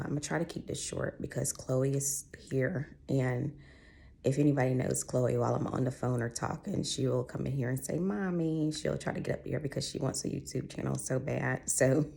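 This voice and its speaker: A woman's voice: a bass voice, creaky, mellow. A woman telling a personal vlog story in a heartfelt, chatty way, her voice going in and out at times. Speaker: vlogger.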